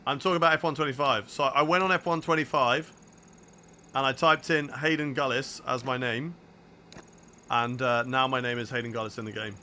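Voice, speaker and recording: Bright-voiced gaming streamer. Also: male voice, mid-range voice, fairly even intonation, a little fast, a little hiss or hum. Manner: chatty, reads and answers viewer questions. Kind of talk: live game stream chat with commentary.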